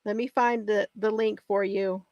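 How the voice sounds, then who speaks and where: A woman hosting a casual crafting video, bubbly and excitable, laughing often as she talks. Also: mid-range voice, moderate pace, no room sound, dull audio. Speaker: knitting video host.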